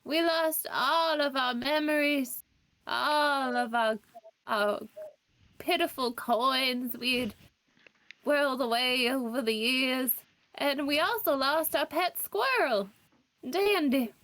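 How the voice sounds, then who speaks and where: A woman's voice: high voice, slow, a bit bright, dry recording. A woman voicing a folksy wife who sweetly pleads for charity with old-fashioned endearments. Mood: pleading.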